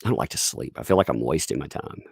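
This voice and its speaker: A man's voice: rumbling low, expressive, fast, gravelly, slightly rough, dry recording. A man with a Southern US accent, chatting casually on a live stream, rambling with restarts and frequent chuckles as he reads viewer tips.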